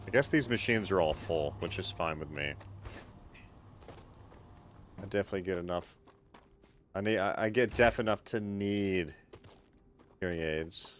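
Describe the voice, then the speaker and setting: A deep-voiced man streams a game, speaking unhurriedly with frequent pauses over slight background noise. Laid-back and freely swearing, he chats casually with viewers by name and often trails off.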